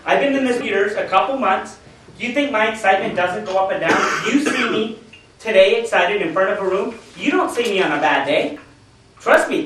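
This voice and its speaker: A man's voice: high-pitched, a bit bright, a little hiss or hum. A man giving a motivational business seminar to a room, telling stories animatedly and acting out the people he quotes. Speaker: business opportunity speaker. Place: meeting room with an audience. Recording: echoey room, distant mic.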